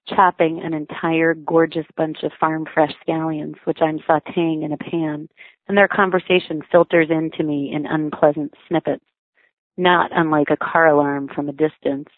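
Brief: woman, low voice, wry memoir reading, thin phone-like dry sound. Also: fairly even intonation, moderate pace, no echo. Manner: wry, reflective storytelling. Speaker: memoir narrator, mother.

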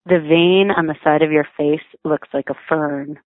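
A woman voicing a tactless ex-boyfriend in a flat, offhand way in a memoir reading. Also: sits low, moderate pace, dry recording, natural voice. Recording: thin phone-like sound, dry.

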